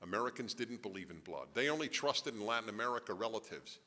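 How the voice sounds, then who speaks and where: A middle-aged man lectures a live audience in a large hall, his bright, forceful voice swinging widely in pitch. He jokes in asides and keeps firing rhetorical questions at the crowd. The sound carries a long reverb from the room. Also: animated, fast. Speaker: author giving a talk.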